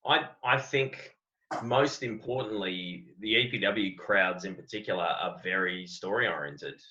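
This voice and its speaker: Deep-voiced and unhurried, the Australian wrestling coach sounds pushed and bright. The podcast interview comes through on dull lo-fi audio, where he speaks earnestly and reflectively, frequently repeating words as he thinks.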